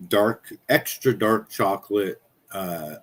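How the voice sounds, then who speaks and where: Man in his fifties, husky lowish voice, casual rant, profane and rambling, indignant. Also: takes it slowly, a bit bright. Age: 50s. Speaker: small-business chocolatier streaming. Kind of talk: casual ranting monologue.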